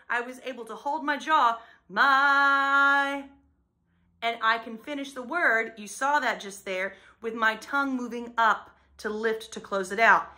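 Bright high-voiced woman vocal coach. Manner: explains technique plainly, then sings short demo lines. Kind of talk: singing lesson with sung demonstrations.

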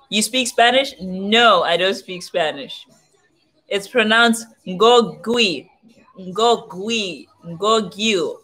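A woman's voice: a little high, fairly bright tone. A young woman from southern Africa chatting casually as a vlogger, playfully sounding out foreign phrases one by one. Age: young adult. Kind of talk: casual livestream chat. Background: faint music playing.

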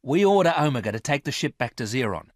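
A man's voice: mid-range voice, very animated, fast, no echo, voice pushed up. Man doing a greedy scheming space woman in a storybook, raised voice, commanding, dry sound.

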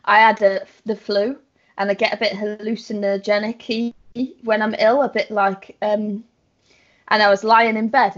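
A woman talking as a guest on a casual podcast, telling animated stories and swearing freely. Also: mid-range voice, highs cut off. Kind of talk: casual chat.

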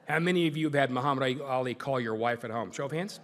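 A man's voice: medium pitch, quick pace, few pauses, a bit bright, slight background noise. A middle-aged male sportscaster giving a folksy, joking speech to a club in a large meeting hall. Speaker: sportscaster and guest speaker. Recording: echoey hall with long reverb.

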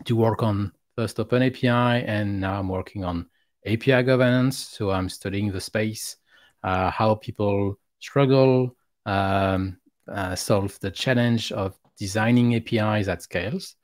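A man's voice: lowish voice, steady tone, unhurried, no echo. French-accented man, hesitant guest. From France. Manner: hesitant, careful, frequent "uh". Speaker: guest, API expert. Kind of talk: casual interview. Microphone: video call.

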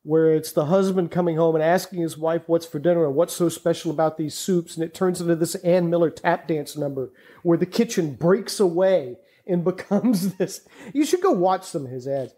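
A man's voice: a little high, moderate pace, hardly any pauses, mellow. A man talking as a podcast guest in casual chat, telling stories with enthusiasm and laughing often. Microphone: studio podcast mic.

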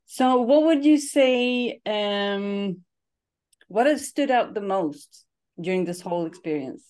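A woman's voice: mid-range voice, animated, takes it slowly, darkish tone. Encouraging woman interviewer. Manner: encouraging, thankful, laughs easily. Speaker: retreat host interviewer.

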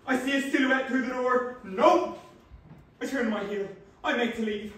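A young man from the West of Ireland with an Irish accent, performing a comic stage monologue, animated and exclaiming as he jumps between inner voices. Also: very high-pitched, moderate pace. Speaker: actor. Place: theatre stage. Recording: echoey live stage recording from far off, noisy.

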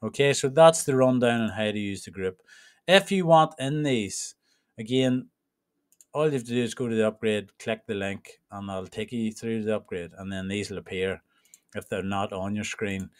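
Irish guy, lowish voice, rambling casual walkthrough, dry close sound. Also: moderate pace, no room sound. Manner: rambling and informal, with restarts. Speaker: trading mentor. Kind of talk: casual screen-share walkthrough.

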